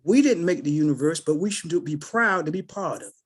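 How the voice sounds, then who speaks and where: A middle-aged man with a brisk voice on the high side shares personal stories as a participant on a group call. In this casual spoken testimony, he animatedly acts out the voices of the people he describes.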